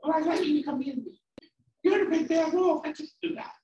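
A man's voice: very high voice, fairly even intonation, moderate pace, dark tone, highs cut off, a little hiss or hum, voice pushed up. A man voicing frightened little pigs in a children's story, squealing and repeating themselves in panic. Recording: roomy, from far off.

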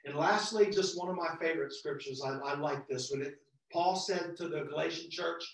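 A fervent male preacher with a rather high voice, rising into excited outbursts as he delivers a sermon. He is heard from a distance in a very echoey church, the sound washing around the room. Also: normal speed, gravelly. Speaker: visiting lay preacher.

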